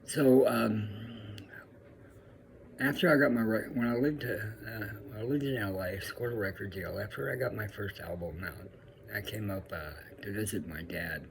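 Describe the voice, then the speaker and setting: Older guy rambling fondly about his dad, lowish voice, bit of faint noise. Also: moderate pace, vocal fry. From California. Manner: rambling, fond storytelling with acted-out quotes. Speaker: musician. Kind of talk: personal storytelling.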